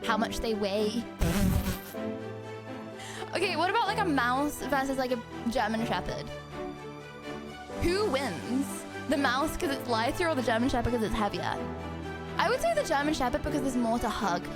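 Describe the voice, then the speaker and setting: Excitable young woman streamer, high voice. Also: moderate pace, pauses often, over loud music. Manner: excitable, giggly, rambling. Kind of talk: casual live-stream chat.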